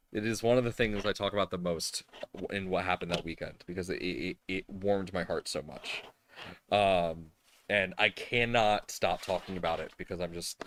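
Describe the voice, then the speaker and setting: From his home workshop, a man live-streams building a 3D printer, rambling with many fillers and restarts and at times tearful. His voice is on the low side and a bit bright.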